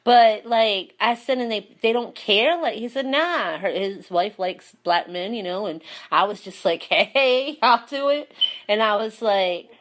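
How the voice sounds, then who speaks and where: A woman's voice: medium pitch, unhurried, a bit bright. A woman hosting a casual chat, telling stories animatedly and laughing often. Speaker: host.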